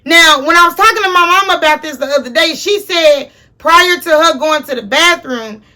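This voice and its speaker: High bright-voiced woman telling a story. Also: moderate pace. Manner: profane, animated, speaks to viewers directly. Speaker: storyteller host. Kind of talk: casual storytime vlog.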